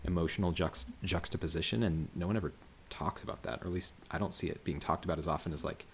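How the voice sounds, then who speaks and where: A man's voice: sits low, fairly even intonation, fast, a little hiss or hum. A man coloring comics on a livestream, talking casually about his process in a rambling way full of fillers and restarts. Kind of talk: casual livestream commentary while working.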